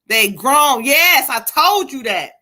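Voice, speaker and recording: A woman hosts a live spiritual reading. Her voice is bright and a little high, and she talks emphatically, cursing freely and calling the viewers "y'all" and "child". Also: animated, slow. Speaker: livestream co-host giving spiritual readings.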